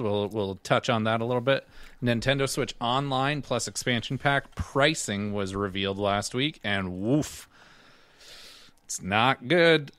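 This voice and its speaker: A man hosting a casual gaming podcast in a teasing, playful way, laughing as he goes. His voice sits at a middling pitch and comes across dry and close, with no room sound around it. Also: a bit bright, dry recording. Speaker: podcast host.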